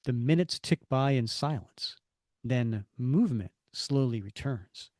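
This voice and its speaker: A man's voice: mid-range voice, expressive, measured pace, a little mellow, no room sound, clean studio sound. A man co-hosting a podcast, reading comic narration and dialogue aloud. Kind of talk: comic book read-through podcast.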